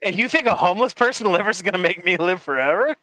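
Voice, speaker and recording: A blustering man hosting a podcast, swearing freely through rowdy banter. His voice sits a little high for a man. The sound is dry and close, with almost no room. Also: animated, fast, pushed and bright, no echo, poor audio. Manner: profane, blustering. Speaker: podcast host. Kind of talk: crude casual banter.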